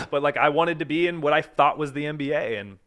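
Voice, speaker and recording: A man's voice: fairly high pitch, moderate pace, fairly bright tone. A man in his thirties, a professional volleyball player, talking casually and energetically on a podcast, full of slang and swearing.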